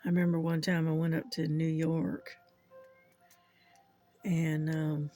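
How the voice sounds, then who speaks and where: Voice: medium pitch, completely flat delivery, dark tone, soft background music. An older host with a Southern US accent, telling rambling stories in casual chat and chuckling often. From Southern United States. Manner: rambling, unhurried storytelling with frequent chuckles. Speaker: channel host.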